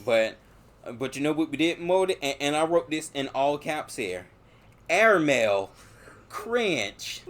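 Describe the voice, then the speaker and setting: A man's voice: on the high side, big pitch swings, slow, fairly bright tone. A man hosting a casual movie review podcast, retelling scenes loosely and swearing freely. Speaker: podcast host.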